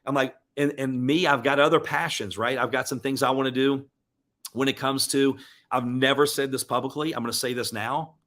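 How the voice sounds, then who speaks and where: A man's voice: medium pitch, steady tone, moderate pace, a bit bright. A man hosting a motivational live stream, speaking earnestly and emotionally. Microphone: webcam or desk mic on live stream.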